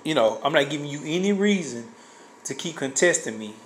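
A man's voice: a little high, animated, brisk, a little hiss or hum, low-quality recording. Man rambling through a story. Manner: rambling, many fillers and restarts. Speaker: guest sharing a testimony. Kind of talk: casual storytelling.

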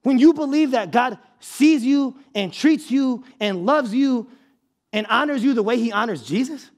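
A man preaching an impassioned sermon as a pastor, often shouting for emphasis and repeating words as he restarts phrases. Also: very high-pitched, animated, measured pace.

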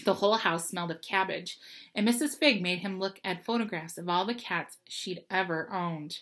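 A woman reading a storybook chapter aloud, with steady, expressive narration. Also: lowish voice, moderate pace. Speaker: reader.

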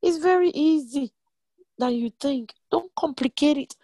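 A woman preaching a sermon, animated and emphatic, repeating lines and jumping in pitch. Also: a little slow, no echo.

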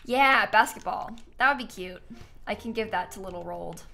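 This young woman's medium-pitched voice is gravelly, pushed and bright, at a moderate pace. Streaming a game, she chats casually and thinks out loud. She yawns sleepily while thanking viewers.

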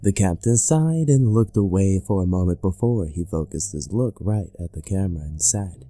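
A man narrating a scary story in a measured, scripted storytelling delivery. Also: low voice, animated, dark tone, no echo.

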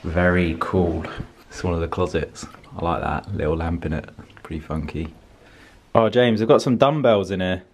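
A young man talks through a hotel room tour in an easygoing, chatty vlog style. His voice sits very low, and there's a faint hiss under the recording. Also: moderate pace. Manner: chatty, upbeat, relaxed. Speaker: vlogger.

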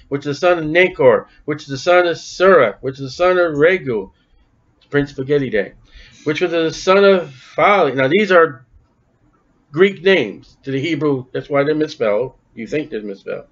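A man preaching a sermon, reading scripture aloud and breaking off for wry, folksy joking asides. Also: fairly high pitch. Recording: dull lo-fi recording.

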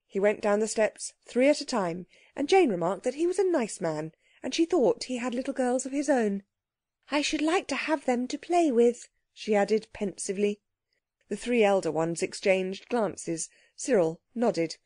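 A woman narrating a children's audiobook in a steady storytelling manner. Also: mid-range voice, normal speed, no room sound, clean studio sound.

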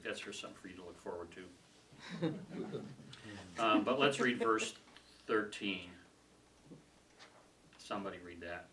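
A man leading a casual Bible study group, talking conversationally, laughing easily and trailing off softly. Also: fairly low pitch. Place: small room with a group. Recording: distant mic with faint room noise.

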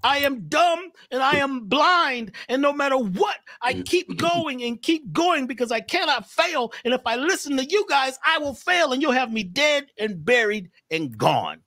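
A stubborn deaf frog speaks in a high squeaky storybook voice, as a man puts him on. He declares things firmly and steadily. The sound is dry and close. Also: sing-song, measured pace, hardly any pauses, sharp tone, no echo, heavily acted. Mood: defiant. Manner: firm, declaring. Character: stubborn deaf male frog who never quits.

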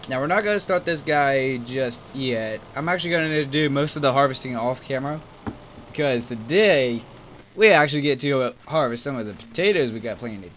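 A man's voice: mid-range voice, fairly quick, a bit bright. Casual male gaming host, chatty and rambling, jokes at himself, faint tractor game hum under the voice. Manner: rambling, self-deprecating, chatty. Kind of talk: casual gameplay commentary. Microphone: desk microphone. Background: farm game engine sounds.

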